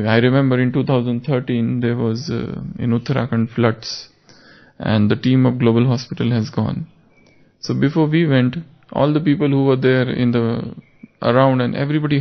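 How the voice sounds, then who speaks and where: Gravelly man giving a spiritual talk. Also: medium pitch. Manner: unhurried, anecdotal, repeats key words. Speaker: spiritual class speaker. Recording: dull lo-fi recording.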